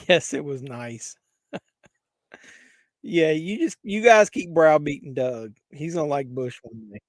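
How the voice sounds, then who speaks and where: Male stream host, raunchy banter, laughs at his own gags, a bit high-pitched, dry room. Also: animated, takes it slowly, dry recording. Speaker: livestream host. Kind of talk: crude joking chat with live viewers.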